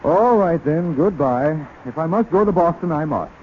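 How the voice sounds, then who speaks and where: A man's voice: a little high, expressive, normal speed, lightly acted. A man playing a meek put-upon husband. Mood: protesting. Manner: plaintive, protesting. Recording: tinny, hissy 1930s radio broadcast.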